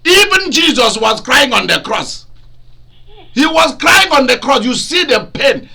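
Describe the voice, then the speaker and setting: A man preaching a lively sermon, acting out cries and quotes and laughing often. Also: very high-pitched, a little slow, creaky, breathy edge. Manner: animated, laughing, acts out cries and dialogue.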